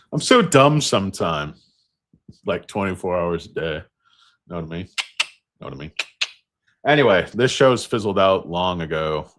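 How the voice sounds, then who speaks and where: A deep-voiced man talks casually about stocks in a loose, rambling way. He mixes in crude jokes and side tangents. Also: a bit bright. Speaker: stock market vlogger. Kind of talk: casual chat.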